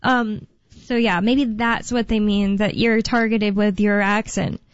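A woman's voice: medium pitch, flat delivery, unhurried, dry recording, lo-fi sound. A woman hosting a talk radio show, chatting in a rambling way with lots of fillers. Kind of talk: casual talk radio chat.

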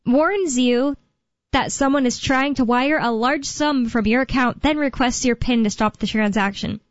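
A woman's voice: high voice, normal speed, dry recording, lo-fi sound. A woman hosting a talk radio show, chatting in a rambling way with lots of fillers. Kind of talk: casual talk radio chat.

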